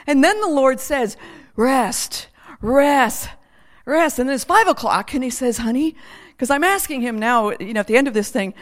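Brief: woman preacher, high voice, animated testimony, laughing storyteller turning to soft prayer. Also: a little fast.

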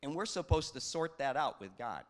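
A man preaching a sermon in a conversational way, quoting scripture and swinging his pitch and volume. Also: lively intonation, moderate pace. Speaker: pastor.

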